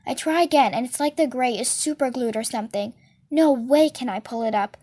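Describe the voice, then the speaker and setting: A woman reading a novel aloud as a storyteller, with steady and expressive delivery. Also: fairly high pitch, a little fast.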